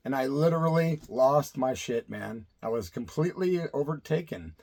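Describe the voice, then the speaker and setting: A middle-aged man who has spent his career as a radio DJ, talking straight to his viewers in an easygoing, rambling way. His voice sits at an ordinary pitch for a man, and he keeps tacking "man" onto his sentences. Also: expressive, moderate pace, gravelly, darkish tone. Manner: laid-back, rambling, says "man" a lot. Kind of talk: casual storytelling to camera.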